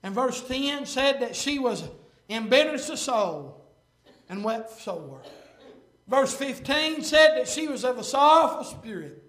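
A man preaching a sermon and reading scripture aloud, impassioned and swelling to shouts, with frequent "uh" fillers. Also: very high-pitched, expressive, measured pace. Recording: echoey room.

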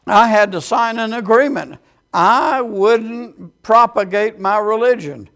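Man, pulpit storyteller, high and gravelly, amen-heavy sermon delivery. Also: slow pace, fairly bright tone. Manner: storytelling with frequent amens, acting out quoted voices. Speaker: preacher. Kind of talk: sermon testimony.

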